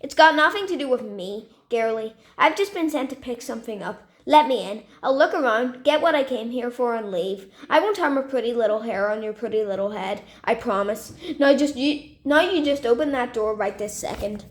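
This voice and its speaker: A woman's voice: on the high side, expressive, normal speed, few pauses, natural voice. Woman playing a snarling menacing henchman. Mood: menacing coaxing. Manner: snarling, bullying, loud. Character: menacing man, a villain's threatening henchman.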